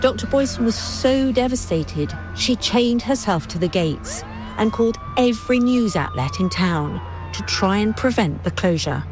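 A woman narrating a documentary in a measured, scripted way. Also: medium pitch, expressive, music in the background.

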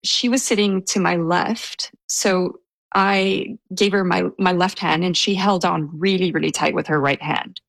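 A soft-spoken woman telling a personal story in an interview, with hesitant restarts and a self-described introverted manner. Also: fairly low pitch, steady tone, measured pace, creaky, no room sound. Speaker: guest recounting a personal story.

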